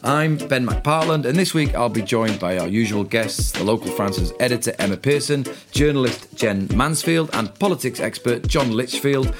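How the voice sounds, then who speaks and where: A man's voice: medium pitch, animated, music in the background. Chatty English male podcast host. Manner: chatty, quick storytelling. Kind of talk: casual podcast chat.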